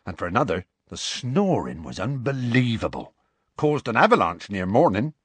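A man voicing a huge rough-spoken half-giant gamekeeper with a folksy country dialect and dropped letters, telling a story at an unhurried pace. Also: on the low side, sing-song, no room sound, pitched above the performer's own voice.

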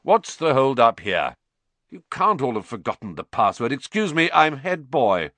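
A man's voice: medium pitch, very animated, normal speed, no echo, pitched above the performer's own voice. A man doing a pompous teenage head boy. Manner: bustling, important, loud.

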